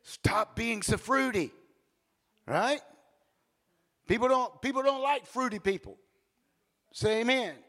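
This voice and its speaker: A male preacher giving a sermon in animated storytelling, with blunt joking asides and bursts of shouting. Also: very high-pitched, slow pace, long pauses, in a large hall.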